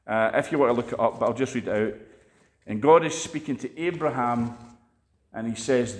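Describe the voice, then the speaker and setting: A man's voice: mid-range voice, normal speed. Man, Scottish accent, preacher, conversational sermon, anecdotal storytelling, roomy echoey sound.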